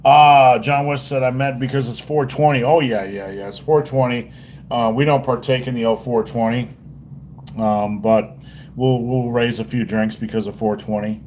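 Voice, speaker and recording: A man's voice: medium pitch, fairly even intonation, normal speed, a little mellow, slight background noise. A man hosting a casual livestream, rambling and joking with crude language. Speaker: livestream host.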